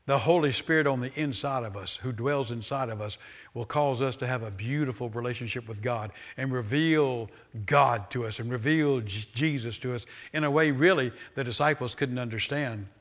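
A man preaching a sermon to a congregation at a church service. He swells loud on key words, repeats phrases, and drops in exclamations of praise between points. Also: medium pitch, fairly quick.

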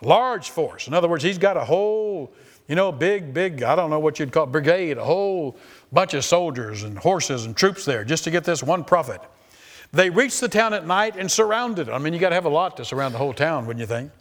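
A man's voice: on the high side, a little fast. A man preaching a sermon, reading scripture and acting out the quoted voices with lots of repetition. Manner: animated, repeats phrases, acts out quoted voices.

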